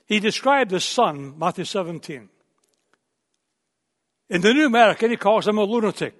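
A high-pitched male preacher delivers a sermon, telling the story and sometimes repeating words as he presses a point. His voice carries a long reverb, as if recorded in a large church hall. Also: lively intonation, moderate pace, fairly bright tone.

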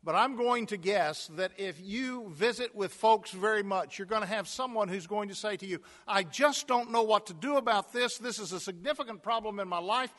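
A man's voice: high voice, moderate pace, hardly any pauses, a bit bright. A man preaching a sermon, telling a personal story and building to emphatic repeated calls. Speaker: pastor. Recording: long hall reverb.

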